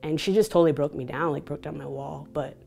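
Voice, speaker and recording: A woman from Vancouver, Canada, who works as a DJ and speaker, tells personal stories openly and reflectively in an interview, often laughing. Her low-pitched, mellow voice is quick with vocal fry, and faint music plays behind her.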